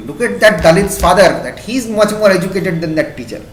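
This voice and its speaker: A man's voice: sits high, animated, fairly quick, a little hiss or hum. A man with an Indian accent giving an impassioned classroom lecture as a teacher. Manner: impassioned, emphatic. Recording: echoey classroom.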